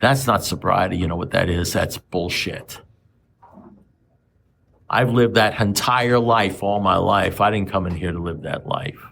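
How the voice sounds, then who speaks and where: A man's voice: deep voice, unhurried, creaky, fairly bright tone, a little hiss or hum. A man in his seventies giving a blunt, profane talk at a recovery meeting, firing off repeated rhetorical questions. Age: 70s. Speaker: AA speaker.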